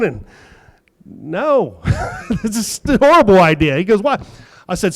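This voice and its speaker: A man's voice: high-pitched, very animated, unhurried, pauses often. A man in his fifties doing a stand-up set in a comedy club, telling stories conversationally, acting out the other people in them, and swearing freely. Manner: conversational storytelling, acts out quoted dialogue, swears.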